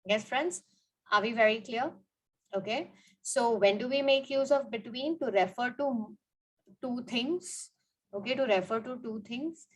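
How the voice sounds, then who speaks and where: A woman's voice: fairly high pitch, unhurried, rough recording. A woman teaching grammar, repeating her points and asking questions as she goes. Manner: repeats points, frequent "okay" and "you know". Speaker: English teacher. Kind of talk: explaining grammar with examples.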